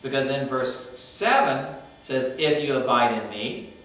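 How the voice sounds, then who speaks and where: A man's voice: mid-range voice, unhurried, fairly bright tone. A man teaching a seminary Greek reading class, explaining verb forms and interpretation in a conversational way. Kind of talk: classroom lecture. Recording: echoey classroom from far off, faint hum.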